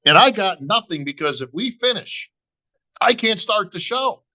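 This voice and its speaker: A man's voice: high voice, lively intonation, moderate pace, sharp tone, low-quality recording. A middle-aged man, a bodybuilding emcee, telling a long story on a podcast and acting out both sides of the talk. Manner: acts out both sides of conversations, says "bro" and "right?" constantly.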